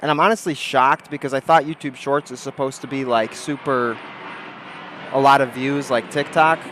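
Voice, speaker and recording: A livestream host talks casually with his viewers outdoors, rambling, greeting chat and thinking aloud. His mid-range voice has fairly even intonation, a moderate pace and a fairly bright tone. The desk-mic recording carries a little hiss or hum.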